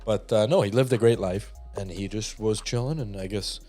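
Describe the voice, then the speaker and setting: A man in his twenties with a lowish, mellow voice speaks at normal speed, with faint music behind him. Co-hosting a podcast, he tells a rambling family story in casual chat, laughing often and acting out the people he quotes.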